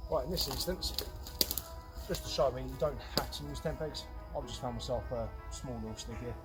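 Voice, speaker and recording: A man's voice: medium pitch, a little fast, loud music behind the voice. Man demonstrating camp setup outdoors. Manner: relaxed, chatty, with frequent ums. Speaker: outdoor channel host. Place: outdoors in woods.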